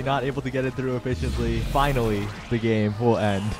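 A man casting a live esports tournament with energetic play-by-play that rises with the action. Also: medium pitch, fairly quick, hardly any pauses, over music. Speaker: esports caster.

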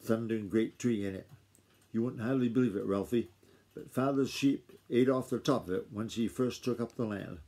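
Man doing a gruff old country farmer grandfather: rustic drawl, warm, slightly husky. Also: medium pitch, normal speed, close to an everyday voice. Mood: gentle. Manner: rustic drawl, blustery then gentle.

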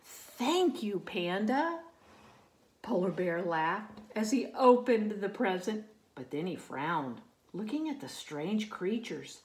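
A woman reading a picture book aloud to children, gently explaining and asking the listener questions. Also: mid-range voice, very animated, takes it slowly. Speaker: storybook reader.

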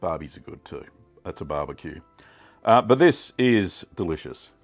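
A middle-aged Australian man hosting a casual cooking vlog, chatty and relaxed with many ums. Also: low-pitched, normal speed, faint music behind. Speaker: cheesemaking channel host.

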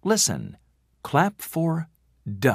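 A man reading out textbook track announcements in a slow, measured, deliberate way. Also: on the high side, wildly swooping pitch, gravelly, slightly rough, no room sound, studio quality. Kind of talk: scripted textbook audio announcements.

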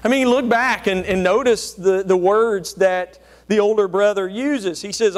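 A man's voice: measured pace, hardly any pauses. A man preaching a sermon who slips into whiny, self-righteous voices for the people he describes. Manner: acts out whiny self-righteous voices, rising high when mimicking.

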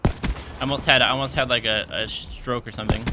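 A young man commentating his video game play, out of breath, excitable and yelling at big moments. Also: mid-range voice, a little fast, noisy background. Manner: excitable, shouts at big plays, self-mocking. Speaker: gaming YouTuber. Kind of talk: gameplay commentary. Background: game gunfire and explosions.

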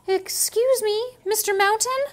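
A woman's voice: extremely high pitch, a little slow, a little hiss or hum, pitched above the performer's own voice. A woman voicing a small, scared, lost young male snake in a storybook reading. He talks timidly and politely, asking questions. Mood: calling out.

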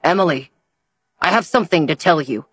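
Woman voicing an old grandfather, heavy, measured, low, dry. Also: breathy edge, dry recording. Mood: stern. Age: older. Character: stern but loving old grandfather.

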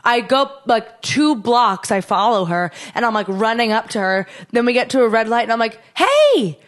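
Young woman, podcast co-host, casual chat, animated storyteller, slightly high voice. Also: moderate pace.

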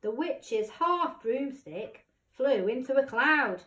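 Woman reading a storybook aloud, very lively and slow, bright tone, roomy and distant. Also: high voice. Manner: expressive, shifting between hushed whispers and loud cries.

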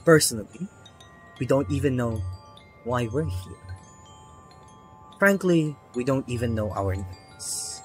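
A man voicing a weary, measured human with glasses who speaks slowly and deliberately. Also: mid-range voice, expressive, a little mellow. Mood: resigned. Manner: slow, deliberate, resigned. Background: faint ambient music.

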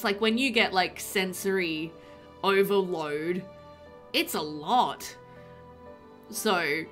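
A woman's voice: medium pitch, fairly bright tone. A young woman chatting casually on a livestream as a streamer and new mum, talking in a chatty, giggly way with lots of fillers. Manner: chatty and giggly, many fillers like "like" and "um", reads chat aloud. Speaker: game streamer and new mother.

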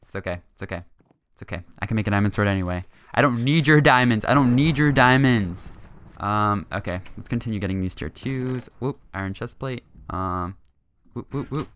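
A young man talking through his own game session in a chatty, hyper way, full of ums and quick laughs. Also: mid-range voice, a bit bright, clear, resonant tone, no echo. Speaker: gaming channel host. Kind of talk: gameplay commentary.

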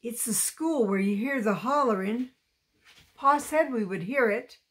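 A quiet, careful young girl, the older sister, as a woman reading aloud puts her on. She speaks low and hushed. The words come slowly, in a fairly high voice. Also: poor audio.

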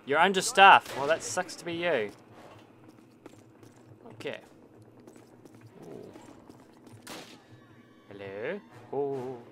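A man giving let's-play commentary on a war game, excitable and ranting, swearing at the game. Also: mid-range voice, extremely slow, long pauses, a little hiss or hum. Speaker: gaming channel host.

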